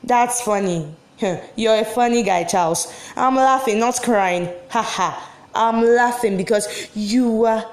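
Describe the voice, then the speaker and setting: Brief: actress as a jilted wife fighting a divorce, manic and sarcastic, higher voice, slow deliberate delivery, echoey room. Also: female voice, natural voice. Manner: swings between giddy laughter and bitter sarcasm. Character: heartbroken wife refusing a divorce, manic, laughing through tears. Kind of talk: dramatic monologue.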